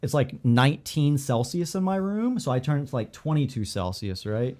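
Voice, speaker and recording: A man co-hosting a podcast, telling a story in casual chat, animated, swearing freely and acting out the dialogue with lots of "like". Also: medium pitch, normal speed. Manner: filler-heavy, lots of "like" and "I'm like".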